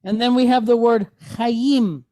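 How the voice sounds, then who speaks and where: Woman teacher, slow and patient, walks a class through sounds and keeps asking questions. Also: fairly high pitch, warm tone. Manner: quizzes the class, tags lines with "right?"; patient, spells sounds out step by step. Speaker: Hebrew teacher. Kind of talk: classroom lesson.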